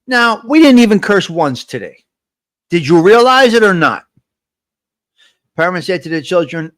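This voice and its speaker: A man's voice: sits high, very animated, unhurried, long pauses, fairly bright tone, no room sound, studio quality. A man hosting a live morning coffee chat, talking straight to his viewers in a motivational, repetitive way and reading out their comments. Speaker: livestream host.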